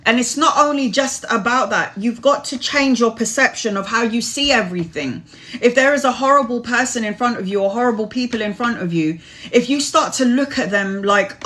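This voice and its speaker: A woman's voice: a little high, moderate pace, a bit bright. A woman reading tarot on a live stream, answering chat questions in a rambling, earnest way. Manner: rambling, earnest, advice-giving. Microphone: phone or webcam live stream.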